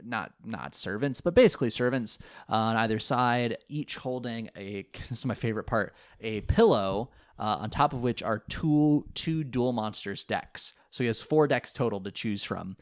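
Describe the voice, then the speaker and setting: A man's voice: medium pitch, moderate pace, few pauses, dry recording, studio quality. A man co-hosting a podcast, casually recapping with fillers and laughs. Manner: rambling, laughing, many fillers. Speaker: podcast co-host.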